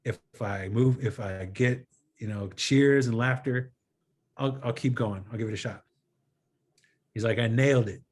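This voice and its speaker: A man in a relaxed conversation retells a friend's story, switching into quoted dialogue as he goes. His voice sits at a middle pitch and his delivery is earnest and animated. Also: a little slow, pauses often. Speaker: guest filmmaker. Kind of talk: casual storytelling interview.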